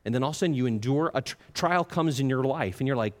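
Male preacher, earnest sermon, pitch swings a lot, long hall reverb behind him. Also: animated, quick pace. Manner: earnest, acts out the listener's complaints in quoted asides.

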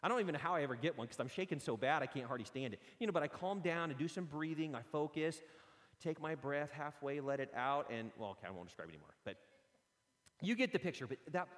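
A man preaching a sermon, telling lively personal stories and acting them out. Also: a little high, fast talker. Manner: animated storytelling, acts out his own stories. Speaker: pastor. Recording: long hall reverb.

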